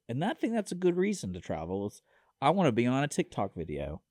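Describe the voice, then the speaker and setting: A man's voice: medium pitch, big pitch swings, fast, a little mellow, dry recording, studio quality. A man co-hosting a community radio show, laid-back and jokey in casual chat, laughing often and calling people dude. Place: radio studio. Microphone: studio microphone.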